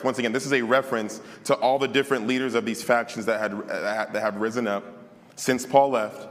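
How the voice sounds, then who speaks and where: A man's voice: medium pitch, steady tone, a little fast, fairly bright tone, in a large hall. A young adult man preaching a sermon and telling a personal story in a candid, conversational way.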